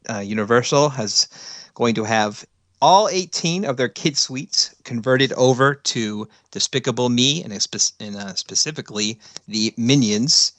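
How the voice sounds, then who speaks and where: A man's voice: mid-range voice, fairly bright tone, dry recording. Chatty man on a dry mic. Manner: chatty, unhurried, laughs often. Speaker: podcast guest. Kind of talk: casual podcast chat.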